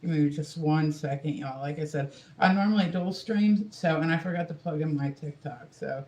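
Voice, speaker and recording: A man's voice: fairly high pitch, moderate pace, a little mellow. A man chatting casually to viewers on a phone livestream, rambling with lots of fillers.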